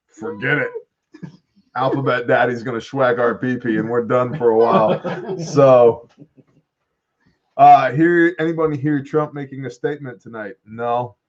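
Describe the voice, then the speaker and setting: A man's voice: medium pitch, fairly even intonation, unhurried, long pauses, lo-fi sound. A man hosting a casual live stream, joking loosely and laughing often. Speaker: host.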